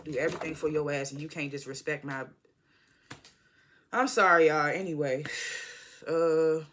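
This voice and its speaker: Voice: medium pitch, fairly even intonation, normal speed, a bit bright, slight background noise. A vlogger recapping a TV episode in a casual, slangy, profane way, rambling and apologizing often. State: irritated by background noise.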